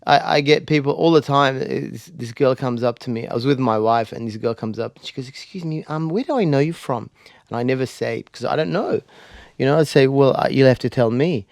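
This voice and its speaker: A man's voice: mid-range voice, a little fast, darkish tone, no room sound, studio quality. A man hosting a casual podcast, telling anecdotes and acting out other people's voices. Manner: storytelling, acts out quoted voices. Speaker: comedian podcast host. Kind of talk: casual chat.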